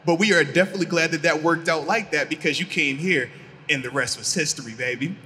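A man's voice: on the high side, fast talker, pushed and bright. A man hosting a casual interview, asking questions in an enthusiastic, encouraging way. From United States. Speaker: host and interviewer.

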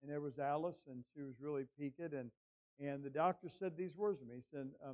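A man's voice: a little high, a little mellow, lo-fi sound. Older man preaching a personal story. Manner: halting storytelling with many restarts, building to emphatic preaching. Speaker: guest pastor. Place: church sanctuary.

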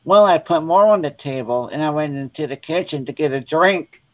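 Animated man telling stories, dull lo-fi sound. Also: fairly high pitch, brisk. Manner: animated, acts out quoted voices. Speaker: guest. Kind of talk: casual storytelling.

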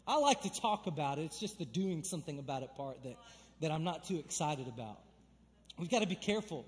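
In a large church sanctuary, a young male pastor preaches a sermon in a slightly high, very animated, brisk voice. His tone is conversational and emphatic, rising to fervent calls.

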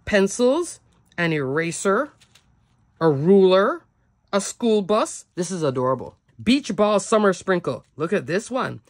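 A woman's voice: medium pitch, very animated, a little slow, no echo, clean studio sound. A woman narrating a cardmaking product showcase in a bubbly, gushing manner. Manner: bubbly, gushing, repeats "love" and "so cute". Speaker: cardmaking demonstrator.

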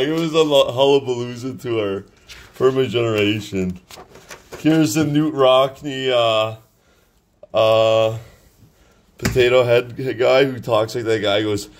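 Showing his sketchbook, a male artist in his thirties talks about his drawings in an unhurried, mid-range voice. He rambles casually, using many fillers and restarting often.

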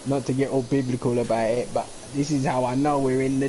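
A young man chats as a streamer over a game, rambling from one joke to the next. His voice is mellow and relaxed at a middle pitch. A faint hiss sits under the recording. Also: fairly quick, low-quality recording. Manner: rambling, jokey, slips into mock accents. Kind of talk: casual chat while gaming.

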